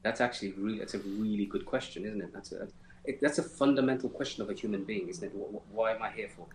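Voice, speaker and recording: A man's voice: fairly low pitch, quick pace, darkish tone, slight background noise. Earnest man speaking in a roomy space. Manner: earnest, emphatic, with restarts and faith phrases. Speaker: interview guest, former detainee. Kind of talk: reflective interview answers. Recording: roomy echo.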